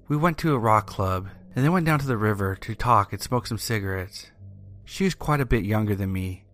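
A man narrating a first-person horror story in a steady, even storytelling manner. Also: on the low side. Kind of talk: scripted narration. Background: faint music.

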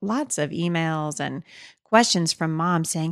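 A woman's voice: low-pitched, takes it slowly, no echo. A middle-aged woman hosting a podcast in a studio, chatting casually with fillers and frequent laughs. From Oregon. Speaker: podcast host. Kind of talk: casual chat. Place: recording studio.

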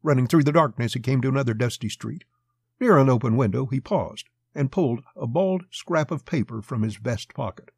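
A man narrating a western story as an audiobook, in a steady, measured telling. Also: medium pitch, breathy edge, dry recording, clean studio sound.

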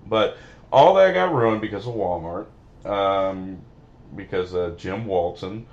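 Deep-voiced profane rambling podcast host. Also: male voice, animated, slow, highs cut off. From Missouri. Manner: rambling, profane, joking storyteller. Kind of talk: casual banter.

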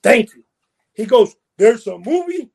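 Rambling, high-voiced man telling stories. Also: very animated, measured pace, gravelly, darkish tone. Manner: rambling storyteller, restarts, laughs at his own stories. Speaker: podcast co-host. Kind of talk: casual chat.

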